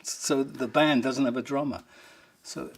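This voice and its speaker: A man's voice sits at medium pitch and moves a bit slowly while he's interviewed. He recounts amusing stories, laughing frequently and imitating the people he quotes.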